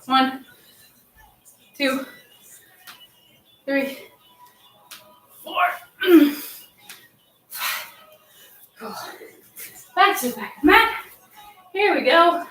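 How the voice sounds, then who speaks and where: A woman fitness instructor leads a livestream workout, counting reps aloud and offering playful, encouraging cues in a high, animated, slightly bright voice. She speaks very slowly with long pauses. The room is echoey, she's far from the mic, and workout music plays faintly behind her.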